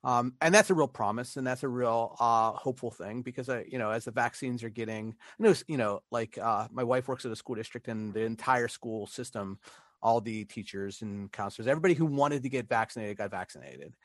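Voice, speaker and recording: A man's voice: mid-range voice, a little fast, no room sound, studio quality. Upbeat man from Pittsburgh co-hosting a podcast. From Pittsburgh, United States. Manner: upbeat, laughs easily, many fillers. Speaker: podcast co-host. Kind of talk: casual chat.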